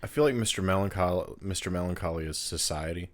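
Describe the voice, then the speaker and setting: A man's voice: low-pitched, quick pace. A man co-hosting a podcast, talking casually about a film, often repeating his first words as he gets going. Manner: animated, repeats words when starting sentences. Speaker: podcast co-host.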